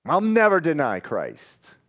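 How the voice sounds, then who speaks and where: A man preaching a sermon, reading scripture and swinging between loud emphatic bursts and quiet, intense asides. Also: fairly high pitch, huge pitch swings, unhurried. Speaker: pastor.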